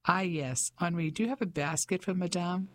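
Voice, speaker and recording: A man's voice: high voice, normal speed, lightly acted. Narrator playing a bold, teasing French fisherman.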